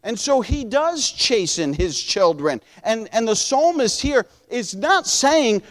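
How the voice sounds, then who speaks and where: A man with a notably high-pitched voice delivers a sermon as a pastor. He speaks earnestly and conversationally, with frequent restarts, then slows and lifts his voice for each scripture quotation. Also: very animated.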